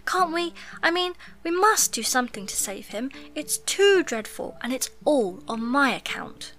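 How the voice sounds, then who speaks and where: A woman's voice: high voice, very animated, a little slow, a bit bright, faint music behind, voice pushed up, full character voice. A woman voicing an anxious, kind-hearted young girl in a storybook reading, pleading and breathless.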